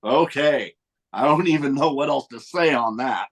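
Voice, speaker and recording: A man hosting a podcast, asking questions in a halting, unhurried way with fillers. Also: mid-range voice, rough recording. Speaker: podcast host. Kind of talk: casual interview chat.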